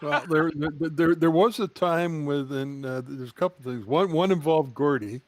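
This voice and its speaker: A man co-hosting a video chat, telling a lively anecdote and laughing at himself. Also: on the high side, moderate pace. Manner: animated storytelling, laughs at own story. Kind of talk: casual anecdote on a video call.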